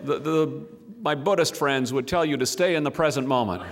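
A man's voice: on the high side, moderate pace, very noisy. A man telling a humorous story to a live audience, with wry asides. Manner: wry, dry comic delivery with asides.

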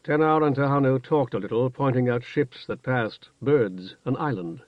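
A man narrating a fantasy novel in a measured, even storytelling manner. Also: mid-range voice, dry recording. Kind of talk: audiobook narration. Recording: dull, dry studio recording.

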